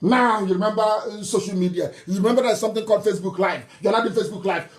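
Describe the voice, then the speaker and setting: A man's voice: sits high, fairly quick. A man from southeastern Nigeria, giving a fiery political broadcast, scolding and mocking his listeners with scornful laughs. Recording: roomy echo.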